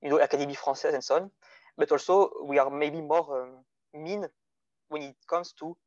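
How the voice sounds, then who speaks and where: A man from France with a French accent, speaking English as a second language as a podcast guest in a casual philosophical discussion, halting as he searches for words. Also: a little high, steady tone, a little mellow, no room sound. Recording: dull lo-fi audio.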